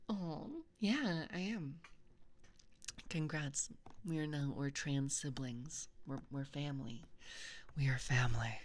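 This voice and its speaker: A playful woman chatting with her live stream viewers in a fairly low voice. She laughs a lot, swears without thinking about it, and talks in a loose, casual way. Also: slow pace. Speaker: VTuber streamer.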